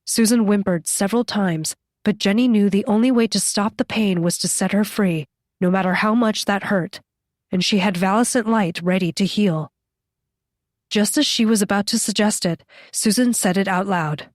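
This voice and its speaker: A woman reading an audiobook as its narrator, in a measured, scripted delivery. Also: medium pitch, no echo, clean studio sound.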